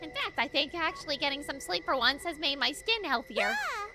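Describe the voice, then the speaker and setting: An actress voicing a morbid, giggly young woman with a teasing, casually macabre dark humor in a video game. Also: high-pitched, big pitch swings, brisk. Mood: breezy.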